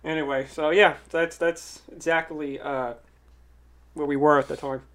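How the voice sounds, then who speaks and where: A man with a slightly raised pitch tells behind-the-scenes stories in a loose, rambling flow. He circles back with "so" and "uh" and breaks into easy laughter between anecdotes. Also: fairly even intonation, a little slow, a bit bright. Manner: rambling, filler-heavy, laughs often. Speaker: podcast guest, filmmaker. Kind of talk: casual chat.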